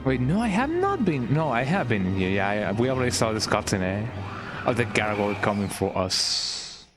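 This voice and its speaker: Over game music, a gaming streamer with a mid-range, sing-song voice gives casual let's play commentary at a normal speed. He rambles loosely and tags his lines with "eh?".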